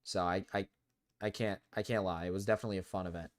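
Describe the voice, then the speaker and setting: A man's voice: sits low, fairly even intonation, fast. A young man with a cold, swearing and complaining in frustration as he commentates a live gaming stream. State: sick with a cold.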